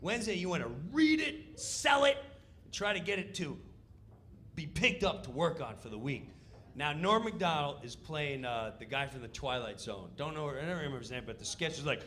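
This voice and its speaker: Middle-aged male stand-up storyteller, high voice, animated delivery. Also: normal speed, slight background noise. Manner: animated, bursts of shouting. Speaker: comedian.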